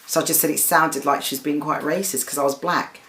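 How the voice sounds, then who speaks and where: A woman's voice: steady tone, brisk, sharp tone, reverberant. A woman, hosting her own show and earnestly retelling a dispute, stumbling and restarting as she goes. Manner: voices the other people with a raised pitch. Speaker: host. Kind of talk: personal storytelling to camera.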